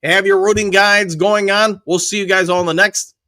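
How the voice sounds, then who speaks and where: A man's voice: sits high, fairly even intonation, normal speed, sharp tone, no room sound. A man from Michigan hosting a live fan show, reading viewers' chat messages aloud and answering them. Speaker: host.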